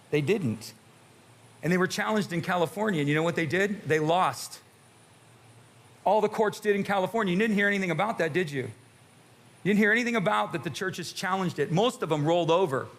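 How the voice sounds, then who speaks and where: A male pastor delivers a fiery sermon in a fairly high-pitched voice. He preaches emphatically, repeats his points and throws rhetorical questions at the congregation. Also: quick pace.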